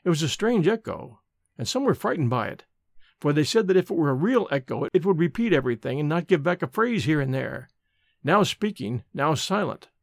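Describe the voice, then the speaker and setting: Casting: male storybook narrator, gravelly tone, lively pitch, dry close sound. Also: dry recording. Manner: expressive, measured storytelling. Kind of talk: scripted narration of a gothic story.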